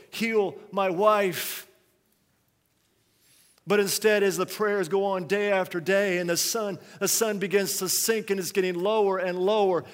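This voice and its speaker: A male pastor preaching a sermon, swinging between quiet, hushed phrases and loud, raised ones. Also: high voice, in a large hall.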